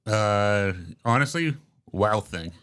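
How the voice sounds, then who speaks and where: A middle-aged man co-hosting a podcast, cracking quick jokes in casual chat. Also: lowish voice, lively intonation, fairly bright tone, clear, resonant tone. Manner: jokey, quick quips. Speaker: podcast co-host.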